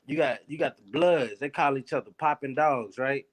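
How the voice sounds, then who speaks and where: A man's voice: mid-range voice, moderate pace. A man speaking up in a class discussion, casual and slangy, stammering as he restarts his sentences.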